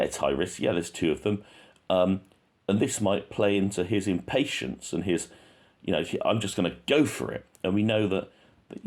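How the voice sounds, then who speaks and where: Male true crime host, low register, conversational, restarts sentences as he thinks it through. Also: a little mellow. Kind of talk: casual true crime commentary.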